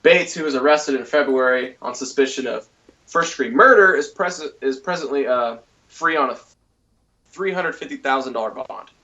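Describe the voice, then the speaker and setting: A podcast co-host on a casual talk show reads a news story aloud at medium pitch with a sharp tone, his loose, halting delivery full of fillers and restarts. The mic is distant and the audio sounds dull.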